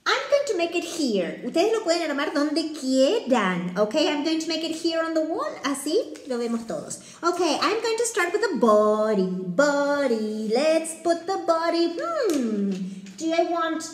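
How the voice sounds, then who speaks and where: A woman teaching a craft lesson to small children, speaking in a cheerful, sing-song way, slowly and clearly. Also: high-pitched, very animated, echoey room.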